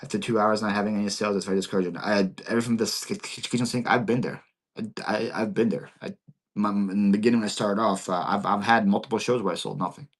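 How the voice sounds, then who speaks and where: A man with a Philadelphia accent, born in Ukraine, hosting a relaxed livestream Q&A for sellers. His voice sits a little low, and his talk keeps catching on repeated words and restarts. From Ukraine, raised in Philadelphia. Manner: halting, repeats words often. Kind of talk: casual livestream Q&A.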